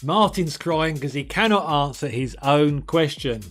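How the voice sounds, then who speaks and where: A man's voice: on the high side, animated, a little slow, fairly bright tone, soft background music. A man hosting a live-streamed quiz in a chatty, jokey way, reading out viewers' answers by name. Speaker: quiz host.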